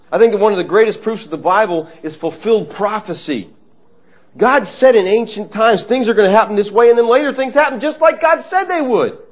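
A middle-aged man preaching a sermon in a folksy, emphatic way, calling his listeners folks. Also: high-pitched. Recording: dull lo-fi recording.

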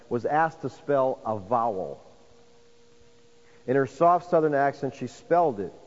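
As pastor, a man preaches a sermon, addressing listeners as "folks" and building to emphatic points. His voice runs on the high side and a little mellow, and the recording sounds dull with long hall reverb.

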